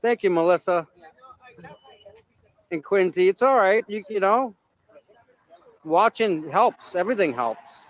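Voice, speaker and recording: A man's voice: high-pitched, lively intonation, measured pace, pauses often, rough recording. A man with a Boston accent, talking casually and greeting viewers outdoors by a courthouse on a body-worn camera. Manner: friendly and chatty, greeting viewers. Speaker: on-site livestream reporter. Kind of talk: casual live commentary.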